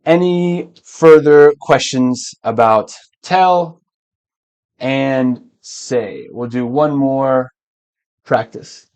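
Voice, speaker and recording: A man teaching English in a live online lesson, patient and encouraging, often clearing his throat. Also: mid-range voice, extremely slow, darkish tone.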